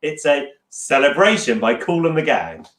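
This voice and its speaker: A man hosts a relaxed home quiz, reading out answers and lyrics in a loud, booming way. His voice sits a bit high for a man. The sound bounces around a roomy space. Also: moderate pace. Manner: loud, reads song lyrics aloud with a laugh. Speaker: quiz host. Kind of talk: casual livestream quiz.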